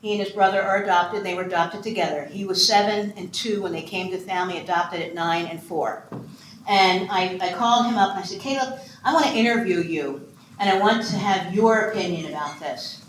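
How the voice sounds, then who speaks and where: Speaking a little fast in a mid-range voice, a sixty-something woman from Ohio delivers a humorous adoption keynote and tests her audience with questions. She's a foster care and adoption speaker, lively and chatty with self-mocking humor, heard echoing in a conference hall with faint noise.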